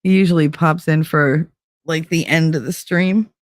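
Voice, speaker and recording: A woman's voice: sits low, fairly even intonation, moderate pace, no room sound, clean studio sound. A woman casually chatting with her livestream chat, bubbly and teasing, laughing a lot and tired from little sleep. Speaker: livestream host reading chat.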